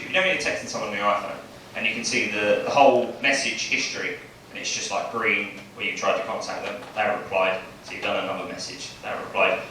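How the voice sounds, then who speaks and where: Chatty comic, roomy club sound. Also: male voice, mid-range voice, very noisy. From Bexley, southeast London. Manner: chatty, tags lines with "right?". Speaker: stand-up comedian. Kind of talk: stand-up set. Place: small comedy club. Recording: roomy club audio from far off. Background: audience laughter.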